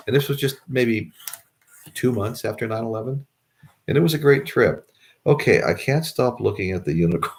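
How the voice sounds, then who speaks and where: A man's voice: medium pitch, moderate pace. An American man, middle-aged, chatting casually to his viewers in a rambling way with many restarts. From United States. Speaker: vlogger. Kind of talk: casual chat to camera.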